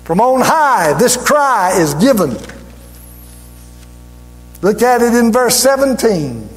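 A man preaches with fervor in a high, lively voice, swinging from low murmurs to ringing shouts. His slow, deliberate delivery stretches key words for emphasis. The sound carries a long church-hall reverb with soft music underneath. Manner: fervent, rising to shouts, drawn-out emphatic words. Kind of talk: sermon. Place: church sanctuary.

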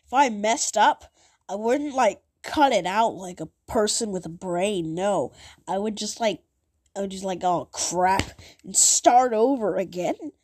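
A woman's voice: medium pitch, expressive, unhurried, a little mellow, breathy edge, no room sound, studio quality. A woman hosting a podcast in a casual, self-mocking, rambling way. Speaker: podcast host.

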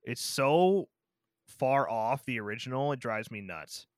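A man's voice: mid-range voice, lively intonation, a little slow, no room sound, clean studio sound. A man co-hosting a casual movie review podcast, laid-back and hesitant, often trailing off. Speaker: podcast co-host.

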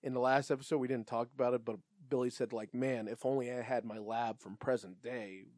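A man's voice: medium pitch, steady tone, fairly quick, darkish tone, no room sound, studio quality. A man co-hosting a casual podcast, ranting with lots of swearing and easy laughs. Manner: profane, ranting, laughs easily. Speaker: podcast co-host. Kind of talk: casual recap chat.

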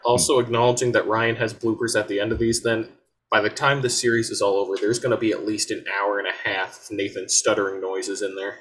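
A man's voice: on the low side, little pitch movement, fast talker, a bit bright, poor audio. A man playing a tabletop game from his room at home, chatting casually and joking with the group. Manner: joking, playful. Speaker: player. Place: home room by a window facing woods.

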